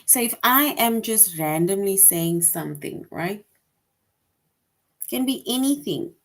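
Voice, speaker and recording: A woman's voice: mid-range voice, expressive, takes it slowly, creaky, a bit bright. A woman teaching a grammar lesson to young children, patient and repetitive, often checking with "right?".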